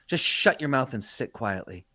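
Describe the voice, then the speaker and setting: A man's voice: medium pitch, sing-song, normal speed, pushed and bright, dry recording, voice pushed down. A man voicing a bossy young woman who casts a spell, in a comedic anime dub parody, talking in a curt, bossy way.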